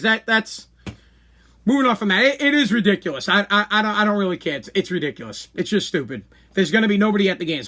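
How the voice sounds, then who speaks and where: Bright-voiced ranting man. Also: sits high. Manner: animated, ranting, acts out imagined dialogue; blunt and profane. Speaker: podcast host. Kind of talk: casual sports rant.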